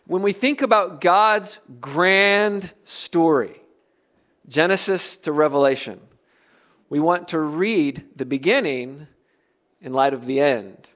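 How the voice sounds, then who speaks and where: A middle-aged man from the United States preaching a sermon, earnest and emphatic, with soft dropped asides. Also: on the high side, slow. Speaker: pastor.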